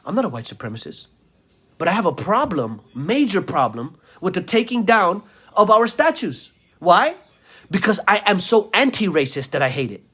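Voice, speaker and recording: A man's voice: sits high, very animated, moderate pace, a bit bright, slightly rough. A man delivering an angry political rant to camera, scornful and insulting his listeners. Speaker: political commentator. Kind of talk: ranting vlog monologue.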